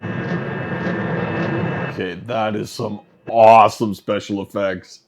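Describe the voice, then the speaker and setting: A man's voice: lowish voice, flat delivery, slow, very noisy. A man hosting a casual film reaction, sardonic and wisecracking.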